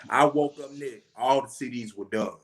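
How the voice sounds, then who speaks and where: Crowd noise surrounds this interview, where a forties-aged Atlanta rapper recounts a story earnestly and from the heart. He often drops "man" and "you know," talking at normal speed in a mid-range voice.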